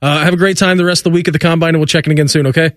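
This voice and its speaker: A man hosting a morning sports radio show, reading promos and segues at a brisk pace. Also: on the high side, little pitch movement, a little hiss or hum. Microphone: studio microphone.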